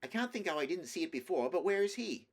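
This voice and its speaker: A man doing an excited young boy king. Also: high-pitched, fast, slightly rough, voice pushed up, full character voice. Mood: wondering. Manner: eager, raised, breathless exclamations.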